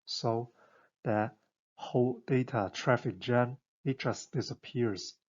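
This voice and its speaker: A man's voice: medium pitch, slow pace, muffled recording. A man giving an enthusiastic, conversational scripted explainer narration, full of rhetorical questions.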